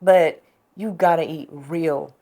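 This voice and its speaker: A woman's voice: sits low, steady tone, slow, mellow. Reflective, chatty woman podcast co-host. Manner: conversational, reflective, many fillers. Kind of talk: casual chat.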